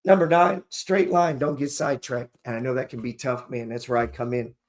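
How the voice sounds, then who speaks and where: A man's voice: medium pitch, fairly even intonation, brisk. A man hosting an investing channel, talking casually and motivationally to camera in a rambling, profane, slangy storytelling way.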